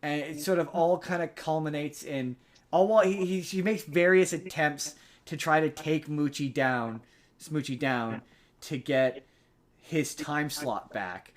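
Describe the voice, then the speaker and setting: A young adult man hosting a podcast casually recaps a movie plot, rambling with many restarts and fillers. His voice is a little high and his pace a little slow.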